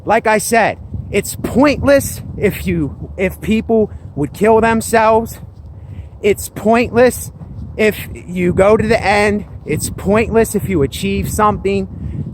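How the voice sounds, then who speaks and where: High-voiced man vlogging over noisy background. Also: lively intonation, slow pace. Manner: earnest, repetitive, emphatic. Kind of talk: personal reaction vlog.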